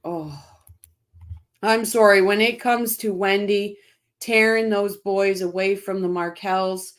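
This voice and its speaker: A woman hosts a casual livestream, calling out viewers by name as she answers their comments. She talks at a slow, deliberate pace, stressing her words and repeating phrases as she drives each point home. Her pitch sits in the middle range for a woman. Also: fairly even intonation, clear, resonant tone. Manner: emphatic and impassioned, repeats phrases, apologizes for getting heated. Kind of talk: casual live-stream commentary.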